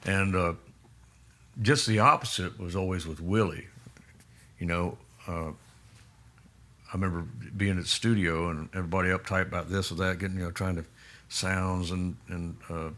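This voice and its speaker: A man with a Texas accent, telling a rambling story as a guest in a casual interview, with many halting restarts. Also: deep voice, fairly even intonation, fairly bright tone. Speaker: musician guest.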